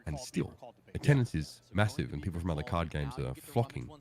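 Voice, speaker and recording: A man chatting casually on a co-stream in a quick, reflective way. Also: very deep voice, very animated, a crowd in the background. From Australia. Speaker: co-stream host. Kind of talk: casual chat.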